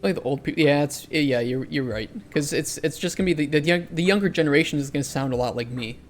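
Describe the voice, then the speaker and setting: A man's voice: on the high side, quick pace, faint music behind. A man, an indie game developer, chatting casually on a livestream while he codes. He answers chat and often restarts his sentences.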